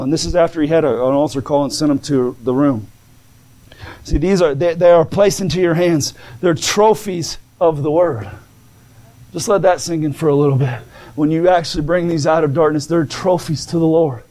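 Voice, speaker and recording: Man, preacher, high voice, fervent sermon, stammering restarts, shouting peaks. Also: moderate pace.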